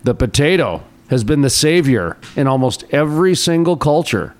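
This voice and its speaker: A man's voice: fairly high pitch, expressive, moderate pace. A man hosting a talk radio show, chatting casually, cracking puns and rambling with fillers. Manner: joking, punning, rambling with fillers.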